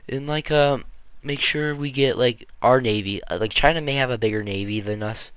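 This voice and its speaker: A man's voice: medium pitch, moderate pace, a bit bright, smooth, no echo. A man giving a casual, rambling opinion monologue, offhand and full of fillers and restarts. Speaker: video creator.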